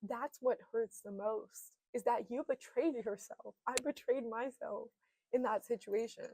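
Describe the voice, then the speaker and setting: A woman's voice: on the high side, a little slow, background noise. A young woman in her twenties, seated in front of a camera, giving an earnest, heartfelt personal monologue and swearing casually, sometimes close to tears. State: emotional, near tears at times. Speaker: self-help vlogger.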